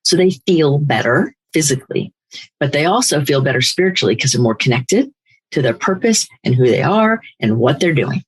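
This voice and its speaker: An older woman hosting a recovery podcast, speaking in a firm, emphatic, animated motivational way. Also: low-pitched, normal speed, slightly rough, poor audio. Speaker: podcast host, recovery coach. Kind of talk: motivational talk.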